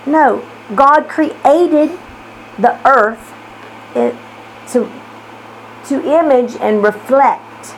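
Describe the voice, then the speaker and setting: A woman preaching with emphatic, repeating phrases and questions thrown out to her listeners. Her voice sits a little high for a woman. A faint hum of room noise runs underneath. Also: poor audio. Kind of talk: sermon teaching.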